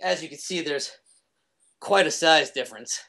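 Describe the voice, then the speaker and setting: A man's voice: on the high side, moderate pace, bright, forceful tone. A young man chatting casually as a meetup guest, rambling with loose fillers. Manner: rambling, loose, lots of fillers and self-corrections. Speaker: remote guest speaker at a meetup. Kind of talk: casual chat.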